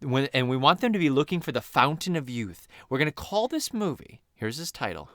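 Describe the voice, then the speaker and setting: Brief: man, casual podcast co-host, animated and bright, dry close mic. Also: medium pitch, fairly quick, no room sound. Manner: animated storyteller, acts out quotes. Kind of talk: casual chat.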